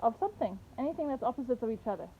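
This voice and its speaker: Woman teaching a kid outside, coaxing questions, highish voice, tinny phone sound w/ faint noise. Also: expressive, rapid-fire, breathy edge. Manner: patient questioning, coaxing answers. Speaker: home teacher. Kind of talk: teaching a young child, storytelling. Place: outdoors in a garden.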